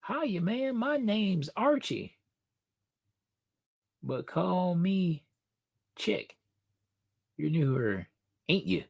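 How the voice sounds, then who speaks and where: A friendly teenage boy with a folksy little country drawl, as a man reads him aloud from a comic, pitched well above the reader's own voice. He greets a newcomer in a breezy, chummy way, softer than his usual talk. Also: sing-song, drawn-out words, vocal fry, long pauses, heavily acted.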